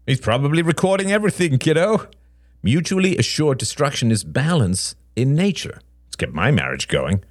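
A man voicing a blunt, cynical middle-aged father who talks gruffly and mocks his son. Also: mid-range voice, very animated, moderate pace, dry recording, clean studio sound, voice pushed up. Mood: mocking. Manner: gruff, mocking, laughs harshly.

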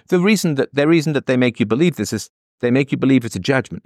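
Male advice host, blunt and profane, mid-pitched, dry booth sound. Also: expressive, fast talker, dry recording. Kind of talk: heated advice monologue.

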